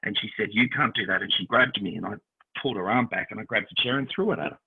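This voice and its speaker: Talking fast in a low, husky voice, this podcast co-host spins animated stories and slips into the voices of the characters he quotes. The audio comes through tinny, as if over a phone.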